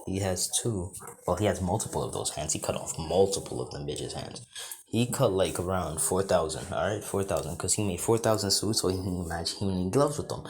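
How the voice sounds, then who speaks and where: A man with a deep, low voice tells an improvised fan story. He rambles and drops off-the-cuff asides. A faint hiss of noise sits under the recording.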